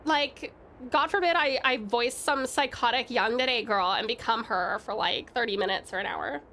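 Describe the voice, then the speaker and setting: A young woman from Tasmania, Australia, streams a game and chats with her viewers in casual commentary, giggling often and swearing freely. Her voice sits on the high side, pushed and bright, at a normal speed, with slight background noise.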